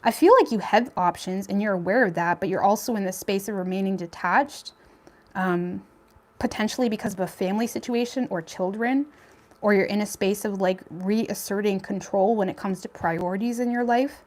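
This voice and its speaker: Speaking at normal speed with a mid-range voice and a darkish tone, a young tarot reader gives a casual reading. Her style is chatty and blunt, with lots of fillers and the occasional swear.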